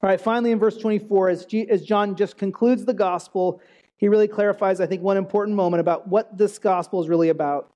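Mellow-voiced preacher with a casual delivery. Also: mid-range voice, fast. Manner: casual, checks in with the listeners by asking "right?"; animated, acts out quoted speech. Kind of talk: conversational sermon on a Bible passage.

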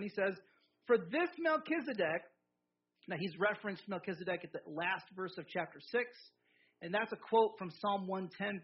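A man preaching a sermon in a lively, conversational way, with jokes and asides to the congregation. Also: high-pitched, muffled recording. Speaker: pastor.

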